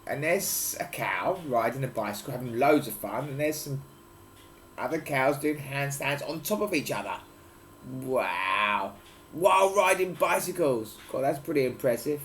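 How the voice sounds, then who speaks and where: A dad reads a picture book aloud to his kids, chatty and playful, stopping to explain words. His voice sits at a middling pitch. Faint background hiss runs under the home recording. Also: lively intonation, a little slow, a bit bright. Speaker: father reading to his children.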